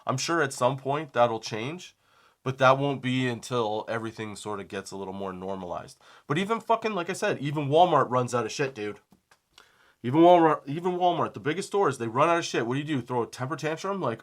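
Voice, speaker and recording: A man hosting a comedy podcast, telling a story from behind a shop counter in a casual, animated way, acting out both sides of the conversation and laughing often. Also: medium pitch, brisk. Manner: conversational, says "okay?" and "dude" often. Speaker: podcast host.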